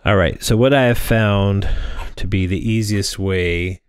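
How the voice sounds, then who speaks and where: A man's voice: fairly low pitch, measured pace, clear, resonant tone. A man in his thirties talking casually through a drone frame build, rambling with plenty of fillers and restarts. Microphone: close microphone in front of him.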